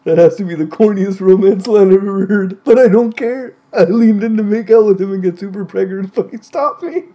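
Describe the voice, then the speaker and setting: A man's voice: high voice, fairly quick, dark tone. A man reading a joke story aloud with friends, breaking into laughter and swearing in exasperated asides. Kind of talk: comic read-aloud on a group call.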